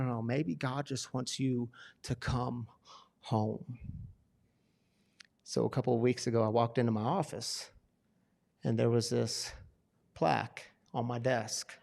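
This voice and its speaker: A man preaching to a recovery church community, telling a story with swings between loud and hushed delivery. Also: medium pitch, creaky. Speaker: pastor. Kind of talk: sermon storytelling.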